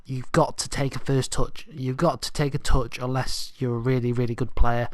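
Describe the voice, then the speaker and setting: A man's voice: mid-range voice, flat delivery, moderate pace, no room sound. A young man giving casual, rambling let's-play commentary, thinking aloud as he goes. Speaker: gaming channel host.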